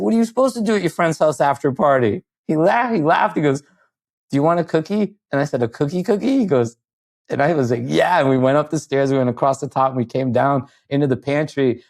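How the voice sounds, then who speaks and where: As a guest on a podcast, this man tells casual stories, throwing himself into the quotes and performing them. His voice is fairly high-pitched and creaky, recorded with no room sound.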